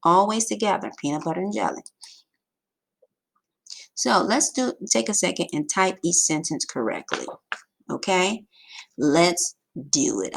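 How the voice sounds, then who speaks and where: A woman teaching a grammar lesson over slides, emphatic and lively, with sudden jumps in pitch. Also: gravelly, breathy edge.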